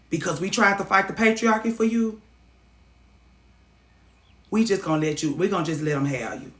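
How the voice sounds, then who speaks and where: A woman hosting a talk show, giving animated, profane advice that swings from loud outbursts to low muttering. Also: normal speed, gravelly, long pauses. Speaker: host. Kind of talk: lively advice talk to a caller. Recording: echoey room.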